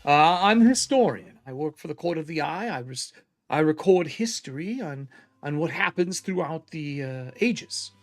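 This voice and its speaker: Man as a secretive old male historian, lively and high-pitched, insistent, a tabletop game figure. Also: moderate pace, faint music behind, lightly acted. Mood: probing. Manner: polite but guarded, presses with questions.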